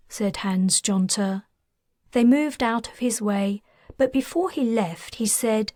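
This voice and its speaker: A woman narrating her own science fiction audiobook in a calm, measured storytelling voice on a close mic. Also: fairly high pitch, no echo. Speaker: author and narrator.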